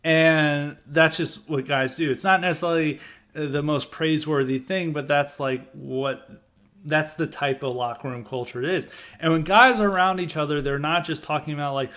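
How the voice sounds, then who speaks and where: A young man holds forth on his podcast in a loose, rambling monologue, voice sitting a bit higher than most men's. He keeps circling back with "like" and "you know", and his tone turns sardonic and mocking as he makes his case. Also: steady tone, moderate pace, a bit bright. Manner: sardonic, mocking mimicry of others. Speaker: podcast host. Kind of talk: casual political commentary monologue.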